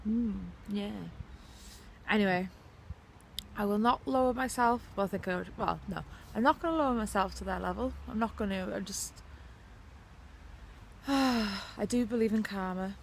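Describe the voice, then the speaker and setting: A woman's voice: mid-range voice, normal speed, creaky, pauses often, a little hiss or hum. Sweary, blunt Welsh woman ranting. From Wales. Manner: heavy swearing, blunt and sarcastic. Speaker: vlogger. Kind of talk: ranting vlog to camera. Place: outside her house.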